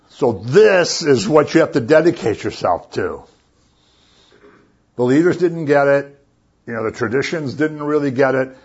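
A man's voice: medium pitch, very animated, unhurried, long pauses, darkish tone, slightly rough, dull audio. A man giving a casual, conversational sermon and often checking in with his listeners. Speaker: preacher.

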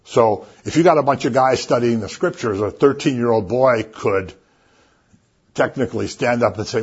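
A man preaches in an easygoing, chatty way, spinning stories and asides as he goes. His voice is husky at a middling pitch. The recording sounds dull and lo-fi. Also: moderate pace. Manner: conversational, animated storytelling with asides. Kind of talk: casual sermon.

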